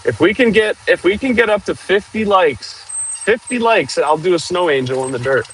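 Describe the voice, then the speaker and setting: A man hosting a casual outdoor livestream, chatting and joking with viewers while clearing trees with a machine. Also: sits high, lively intonation, moderate pace, a bit bright, slight background noise, poor audio. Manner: chatty, jokey, talks to viewers while working. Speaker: livestream host.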